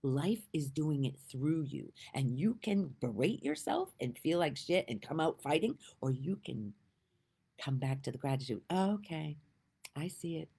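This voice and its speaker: Earnest low-voiced woman, husky and lively. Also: moderate pace. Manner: emotional, earnest, swings between soft and emphatic. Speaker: spiritual speaker. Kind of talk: heartfelt inspirational monologue.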